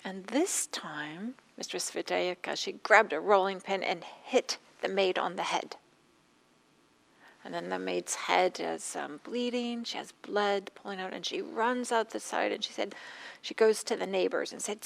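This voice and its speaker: Gravelly-voiced woman giving a dharma talk. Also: mid-range voice. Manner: unhurried storytelling with soft asides, trailing into whispers. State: scratchy throat, coughing. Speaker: meditation teacher.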